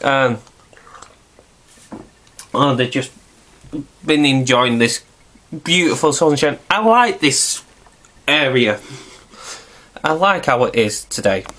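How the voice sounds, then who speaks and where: A man's voice: mid-range voice, slow, pauses often, sharp tone. A man, stuffy and nasal from hay fever, rambling chattily through a casual video review and swearing now and then.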